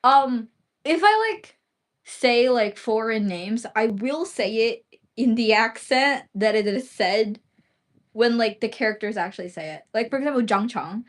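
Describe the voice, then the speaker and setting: A young woman talks casually on her own livestream, answering viewers as she goes. Her voice sits a little high, and her speech wanders with constant "like" and "um" fillers. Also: animated, a little slow. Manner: rambling, heavy use of "like" and "um" fillers. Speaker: livestream host.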